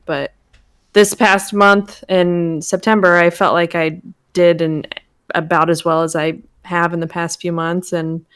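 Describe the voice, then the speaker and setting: A woman's voice: lowish voice, fairly bright tone, clear, resonant tone. A young woman, a streamer and guest on a podcast, chatting casually with lots of filler words. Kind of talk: casual chat.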